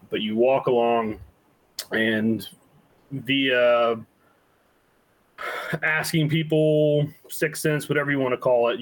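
A man running a tabletop game as game master, narrating in a halting way with many pauses. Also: mid-range voice, rough recording. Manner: halting, full of fillers and restarts.

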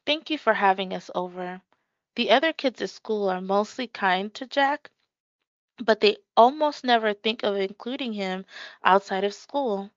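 A woman doing a soft-spoken gentle mother. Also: medium pitch, no echo, lightly acted. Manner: soft, quiet, slower. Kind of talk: audiobook character voice. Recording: dry, slightly muffled.

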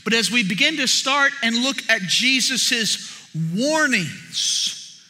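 A young man preaching a sermon, telling a story with animated energy and bursts of shouting as he acts out others. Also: extremely high pitch, takes it slowly. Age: young adult. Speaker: pastor.

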